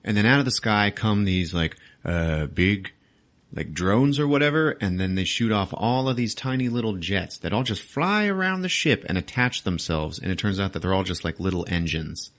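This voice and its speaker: A man's voice: on the low side, very animated, moderate pace, a bit bright. A man hosting a podcast, recapping a movie in loose casual chat, swearing and laughing as he acts out the scenes. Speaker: podcast host.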